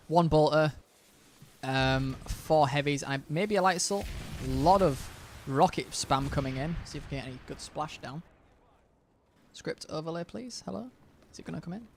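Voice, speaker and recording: Guy casting a game stream, chatty, kinda gravelly, bit of hiss in the background. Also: medium pitch. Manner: chatty, self-deprecating, rambling. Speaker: stream caster. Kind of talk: live game commentary.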